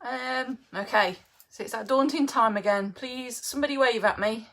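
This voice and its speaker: A woman's voice: on the high side, moderate pace, fairly bright tone. A middle-aged woman from England chatting casually on a live baking stream, greeting viewers by name and laughing often.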